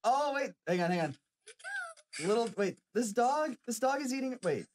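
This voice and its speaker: A man with a faint Southern accent chatting on live radio, excitable, laughing and swearing as he gives things away. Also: very high voice, normal speed, a little hiss or hum. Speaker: band member guest. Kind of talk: casual live radio chat.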